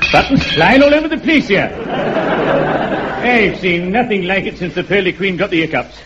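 A man's voice: high-pitched, animated, normal speed, over loud music, a loud crowd. A man playing a chatty, joking tailor in a vintage radio comedy. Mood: chirpy. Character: chirpy Cockney tailor, middle-aged man. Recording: dull hissy old radio broadcast.

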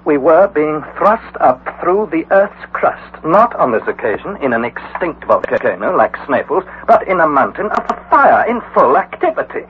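An actor playing an excitable young male explorer who also narrates the story, measured in narration and alarmed in the scenes. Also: on the high side. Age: young adult. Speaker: narrator and nephew. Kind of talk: 1940s radio acting. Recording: tinny old radio broadcast, faint hiss.

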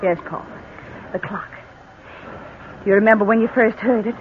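A woman's voice: mid-range voice, moderate pace, natural voice. An actress playing a cold, vengeful young wife who taunts her husband in theatrical 1940s radio style. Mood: cold, taunting. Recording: tinny lo-fi old radio recording with hiss.

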